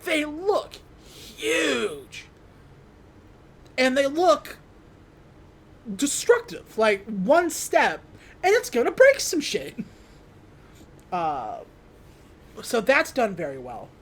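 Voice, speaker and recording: A woman's voice: high voice, wildly swooping pitch, extremely slow, pauses often. A young woman hosting a podcast, casually recapping a film with lots of laughter and goofy quoted voices. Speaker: podcast host. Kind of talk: casual movie recap chat.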